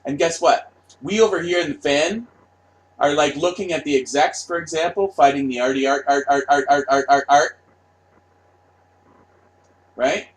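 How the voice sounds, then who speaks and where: A man's voice: on the high side, moderate pace, long pauses. Man, vlogger, casual rant, profane, sarcastic, repetitive.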